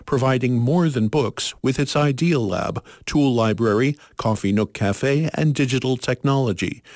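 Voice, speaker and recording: A male station announcer of middling pitch, reading an underwriting credit plainly and steadily. His voice is dry and close, with no room sound. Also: darkish tone, dry recording.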